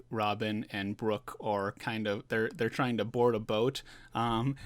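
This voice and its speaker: A man's voice: on the low side, a bit bright, dry recording. A man giving a casual, loose recap of a manga chapter, chuckling now and then and talking with plenty of fillers. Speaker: manga reviewer.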